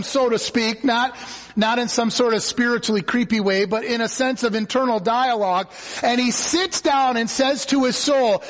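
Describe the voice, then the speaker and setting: High-voiced man preaching in echoing hall. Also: moderate pace. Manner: conversational, animated storytelling with acted quotes. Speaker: guest pastor. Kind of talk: sermon. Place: church sanctuary. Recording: church hall reverb.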